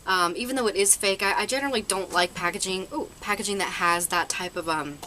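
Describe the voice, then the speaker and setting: A woman's voice: medium pitch, a little fast, bright, forceful tone, slight background noise, poor audio. A woman doing a casual makeup haul review, chatty and hesitant, with lots of fillers and self-corrections. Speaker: beauty vlogger.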